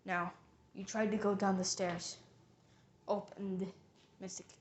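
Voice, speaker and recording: A woman's voice: medium pitch, little pitch movement, unhurried, slight background noise. A woman narrating a mystery reveal, theatrically accusing the culprit as she retraces the crime step by step.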